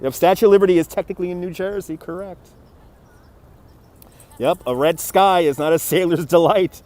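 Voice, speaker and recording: A man's voice: high voice, fairly even intonation, normal speed, mellow. Chatty New man livestreaming outdoors. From New York City. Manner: chatty, greets viewers by name, laughs easily. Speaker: livestream host. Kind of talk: live walking-tour chat reading viewer comments. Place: outdoors on a city riverfront. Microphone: phone on a handheld gimbal.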